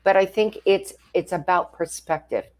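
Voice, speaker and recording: A woman's voice: lowish voice, moderate pace, darkish tone. A woman co-hosting a talk show, chatting encouragingly and asking rhetorical questions. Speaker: co-host. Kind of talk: conversational chat.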